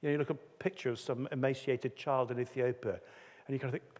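A man's voice: mid-range voice, fairly even intonation, fast talker, a little mellow. Earnest male preacher in a reverberant hall. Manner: earnest, conversational preaching with acted-out quotes. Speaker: pastor. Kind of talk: sermon.

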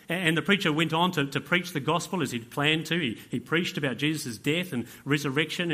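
A man preaching a sermon earnestly, dropping to hushed appeals and rising to emphatic points. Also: medium pitch.

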